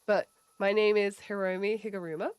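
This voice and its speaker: A woman's voice: medium pitch, steady tone, a little fast, darkish tone, clear, resonant tone, dry recording. A woman in her late twenties with an English accent, chatting casually with her stream viewers, laughing often and swearing freely. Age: late 20s. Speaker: livestreamer.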